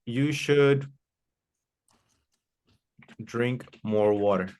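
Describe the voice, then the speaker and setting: A man teaching an English class, explaining slowly and repeating each example, with Spanish translations. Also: medium pitch, a little mellow. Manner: slow, deliberate repetition of examples. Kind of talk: classroom lesson.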